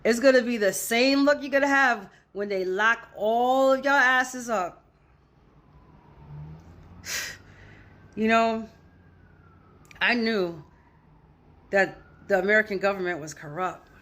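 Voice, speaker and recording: A woman's voice: on the high side, slow, long pauses, a bit bright. Woman in a heated, profane rant. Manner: heated, profane, repetitive ranting. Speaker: social media commentator. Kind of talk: angry reaction rant to camera.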